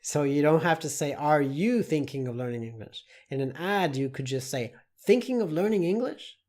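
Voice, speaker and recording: A man teaching an online English lesson, explaining slowly and deliberately with many spoken examples. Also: mid-range voice, darkish tone.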